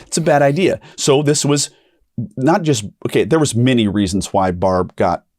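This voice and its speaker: On a ministry podcast, the male host tells a story at normal speed in a conversational manner, full of restarts and repetition. He is animated and imitates the people he quotes with big pitch leaps, in a dry recording with clean studio sound.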